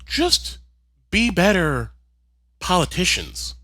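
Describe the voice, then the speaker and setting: A man co-hosting a podcast, talking in a sassy, animated way as he rants about politics in casual chat. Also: high-pitched, slow pace, no room sound. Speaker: podcast co-host.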